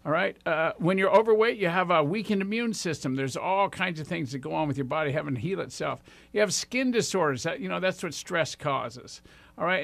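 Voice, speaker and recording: A man's voice: sits high, vocal fry, fairly bright tone, no room sound. A man in his sixties hosting a radio show, giving enthusiastic, rambling motivational talk straight to his listeners. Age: 60s.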